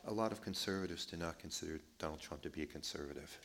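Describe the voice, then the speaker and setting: A man's voice: a bass voice, quick pace, a bit bright. A man with an American accent speaking as a panelist in a public debate, hesitant, with many fillers. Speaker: panelist, professor.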